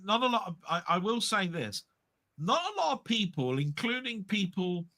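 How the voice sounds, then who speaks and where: 活泼开朗、爱自嘲的英国男人. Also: male voice, high-pitched, big pitch swings, normal speed, sharp tone. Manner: jokey, self-mocking, mock-grumpy. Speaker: co-host of a film chat live stream. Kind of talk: casual banter.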